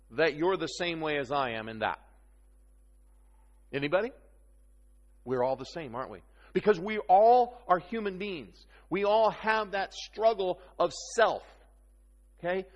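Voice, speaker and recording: A man preaches to a room in an easygoing, teasing way, often pausing to check that everyone follows. His voice sits a little high for a man. The sound carries a long hall reverb. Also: expressive, lo-fi sound. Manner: conversational, teasing, checks in with "okay?". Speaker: pastor. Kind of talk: sermon.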